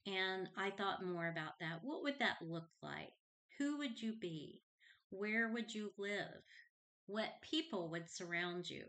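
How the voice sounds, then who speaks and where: A woman's voice: mid-range voice, slow pace, a bit bright. A middle-aged woman hosting her own Christian podcast, talking earnestly and heartfelt as she shares a personal testimony. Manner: earnest and heartfelt, reads scripture aloud. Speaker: podcast host.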